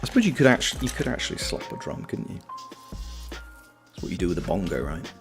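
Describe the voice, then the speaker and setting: A man's voice: sits low, big pitch swings, a little fast, vocal fry. A man hosting a casual livestream, chatting and reading viewer messages aloud. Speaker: livestream host. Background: soft lo-fi background music.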